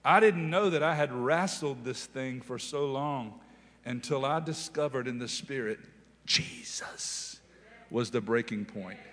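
Man, preacher, sermon testimony, animated storytelling, emphatic, long hall reverb. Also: mid-range voice, moderate pace.

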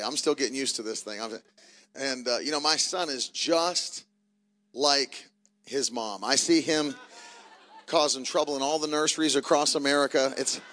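A man in his thirties, a traveling preacher, telling jokey family stories from the pulpit with loud bursts. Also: on the high side. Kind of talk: church announcements and family stories. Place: church service.

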